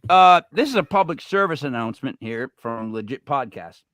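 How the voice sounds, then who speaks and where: A male podcast co-host tells a long, rambling anecdote, acting out the quotes as he goes. His voice is bright and forceful and swings widely in pitch. The sound is close and dry. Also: expressive, moderate pace, dry recording. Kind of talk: storytelling banter.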